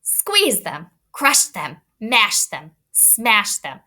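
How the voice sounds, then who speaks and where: A woman reading aloud as a hungry, bossy male garbage truck in a storybook, loud and commanding. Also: medium pitch, huge pitch swings, extremely slow, full character voice. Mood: boastful.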